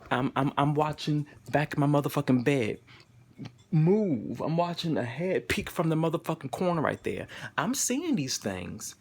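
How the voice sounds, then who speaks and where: A man's voice: on the high side, sing-song, normal speed, gravelly, few pauses. Emphatic profane young man vlogging. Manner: emphatic, profane, repeats words when upset. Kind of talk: confessional vlog to camera. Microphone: camera mic.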